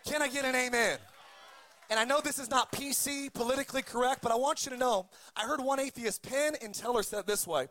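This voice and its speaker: A man preaching a sermon, calling for amens and punching his points with shouted peaks. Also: extremely high pitch, fast, hardly any pauses, slight background noise. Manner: emphatic preaching with amen calls and shouted peaks. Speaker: pastor.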